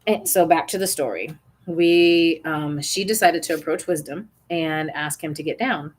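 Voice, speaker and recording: A woman's voice: low-pitched, unhurried. A young adult woman and parent coach, candidly telling a personal parenting story with small restarts.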